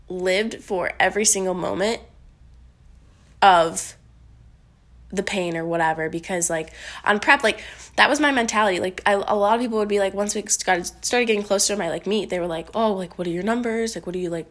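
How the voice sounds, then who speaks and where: A woman powerlifter chats casually to camera in a talking-head vlog, her mid-range voice fairly bright in tone. She rambles, swears and leans on lots of fillers, sounding a little congested.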